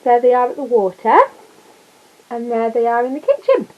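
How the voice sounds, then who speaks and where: A woman reading a picture book aloud to children, gently adding little asides for her listeners. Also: a little high, fairly even intonation, normal speed, phone-quality sound. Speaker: storyteller.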